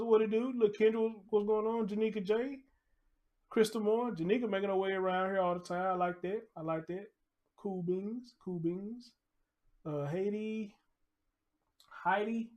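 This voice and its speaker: A man hosting a casual livestream, blunt and laid-back, chatting in slang and reading out viewers' names. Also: high-pitched. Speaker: YouTube livestream host.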